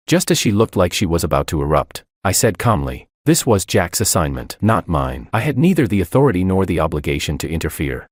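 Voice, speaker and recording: A man narrates a first-person drama audiobook in a very low voice. His delivery is calm and measured with a bitter undertone, yet his pitch moves a lot. It is recorded close and dry, with no room sound. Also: dry recording.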